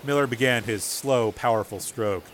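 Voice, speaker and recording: Slight background noise sits behind this scripted narration, in which a man with a mid-range voice reads a chapter of a novel. As an audiobook narrator, he keeps his storytelling steady and measured.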